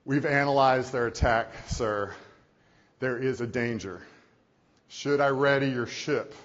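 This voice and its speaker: A man's voice: medium pitch, measured pace, a bit bright, lightly acted. A man voicing a nervous young male officer who is afraid to bring bad news to his boss, with anxious, hesitant pleading. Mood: formal. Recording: echoey hall, dull lo-fi sound.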